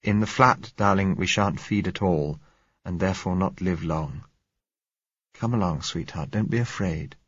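A man voicing a gentle husband who speaks tenderly and quietly. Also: low-pitched, unhurried, slightly rough, no room sound, dull audio, full character voice. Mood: tender soothing. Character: gentle man leading his wife to death.

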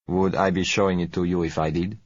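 A man voicing a suave, polite South American oil dealer who speaks gently and slowly. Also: low-pitched, level tone, dry recording, dull audio. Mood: smooth. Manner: polite, gentle, slow and measured.

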